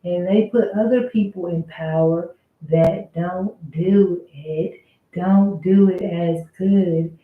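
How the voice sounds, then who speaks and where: A woman's voice: on the low side, fairly even intonation, takes it slowly. Woman, venting workplace story, aggrieved and chatty, echoey room, tinny lo-fi sound. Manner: venting, aggrieved, conversational with swearing. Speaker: vlogger telling a workplace story. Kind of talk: casual storytime monologue. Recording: roomy, phone-like thin sound.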